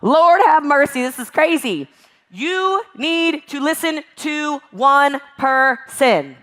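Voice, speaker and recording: A woman giving an emphatic, animated motivational talk at a virtual event. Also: a little high. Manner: emphatic and animated, acts out exasperated voices. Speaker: network marketing speaker.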